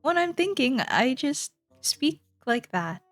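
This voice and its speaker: Young woman, streamer, giggly, rambling, unhurried, close dry sound. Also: high voice, sing-song, no room sound, soft background music. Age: young adult. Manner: rambling, giggly, trails off mid-sentence. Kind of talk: casual chat with stream chat.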